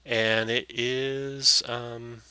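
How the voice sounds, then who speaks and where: Brief: male game master, bright tense tone, dry close recording, plain reads with fillers. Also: mid-range voice, level tone, very slow, clean tone, dry recording. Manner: plain reading with hesitant fillers. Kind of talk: narrating a tabletop game.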